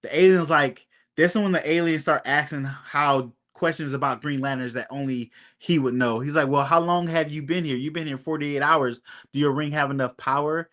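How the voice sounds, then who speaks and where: A man's voice: fairly high pitch, fairly even intonation, moderate pace, a bit bright. A man on a podcast casually recapping a TV episode, acting out the characters' lines as he retells them, with frequent ums. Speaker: podcast co-host.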